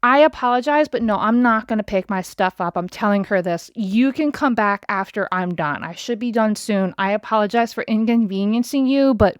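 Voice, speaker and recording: A woman's voice: medium pitch, moderate pace, few pauses, clear, resonant tone, dry recording, muffled recording. A woman in her thirties hosting a podcast, telling a story in a casual, profane, exasperated rant. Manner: profane, exasperated, talks straight to listeners. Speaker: podcast host.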